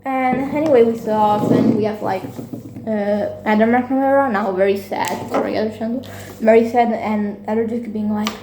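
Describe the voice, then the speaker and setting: A young woman recapping a musical's plot in a casual, rambling way, swearing and dropping into quick character voices. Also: fairly high pitch, steady tone, noisy background. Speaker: vlogger. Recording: echoey room with faint music.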